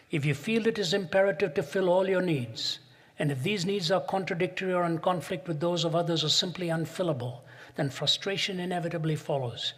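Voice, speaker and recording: A man preaching a sermon in a large hall, telling stories, building to emphatic peaks and dropping soft for quoted asides. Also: a little high, moderate pace, breathy edge.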